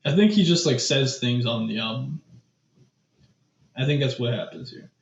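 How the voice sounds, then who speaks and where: A young man co-hosting a podcast, chatting casually about music news, animated and exasperated with lots of fillers. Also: medium pitch, moderate pace, gravelly. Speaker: podcast co-host. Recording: echoey room, dull lo-fi mic.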